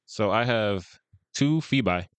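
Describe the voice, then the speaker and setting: A man with a low, smooth voice talks in a laid-back, chatty way and laughs often, co-hosting a casual podcast. The sound is close and dry, with no room around it. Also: expressive, slow, no echo. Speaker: podcast co-host. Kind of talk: casual fan-casting chat.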